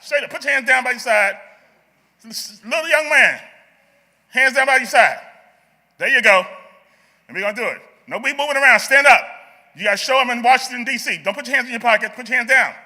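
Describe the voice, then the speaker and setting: Brief: male chant leader, very high and sharp-toned, commanding, big reverberant hall. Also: fairly quick, pauses often. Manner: commanding, coaching a crowd of kids. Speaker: youth event leader. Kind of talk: leading rally chants. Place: large meeting hall. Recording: echoey hall.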